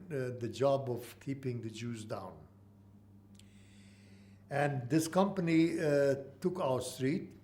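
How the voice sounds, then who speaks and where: A man in his eighties from Mandatory Palestine, telling an oral history in halting speech with many pauses. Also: medium pitch, darkish tone. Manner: halting, with frequent uh pauses and restarts. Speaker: interviewee.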